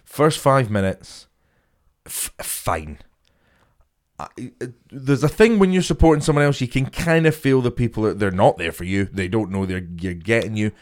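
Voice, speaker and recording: A man's voice: mid-range voice, animated, moderate pace. A young man co-hosting a podcast, swearing freely and acting out stories in casual chat. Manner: swears a lot, acts out anecdotes. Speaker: podcast co-host.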